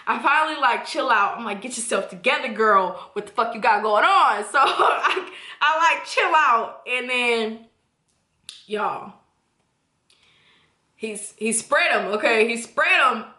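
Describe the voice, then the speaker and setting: Young woman, 20s, candid and profane vlogger, bright tense voice, roomy echo. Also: a little high, unhurried. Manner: candid, profane, animated retelling. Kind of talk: casual storytime chat.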